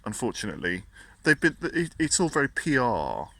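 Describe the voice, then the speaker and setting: A man's voice: mid-range voice, very animated, normal speed, pushed and bright, no room sound. A man, ranting casually and indignantly, often stumbling and repeating words. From Britain. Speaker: vlogger. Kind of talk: casual political rant.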